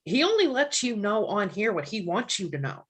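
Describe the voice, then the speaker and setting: A woman at a middle pitch chats on a livestream as a guest. She tells long stories, acting out what others said, and swears freely. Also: big pitch swings, normal speed, fairly bright tone, slight background noise. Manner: storytelling, quotes others, swears often. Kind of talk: casual livestream chat.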